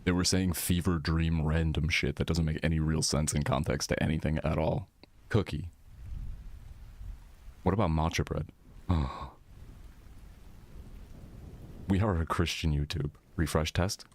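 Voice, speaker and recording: A man's voice: rumbling low, steady tone, unhurried, pauses often, a little mellow. A man live streaming in casual chat, rambling and swearing as he reacts to his viewers' messages.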